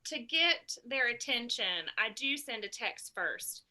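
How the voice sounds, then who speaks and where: Bright, bubbly woman sharing tips. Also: a little high, lively intonation, unhurried. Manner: bubbly, laughs often, thinks aloud with ums. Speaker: sales consultant giving booking tips. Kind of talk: casual group chat on a video call.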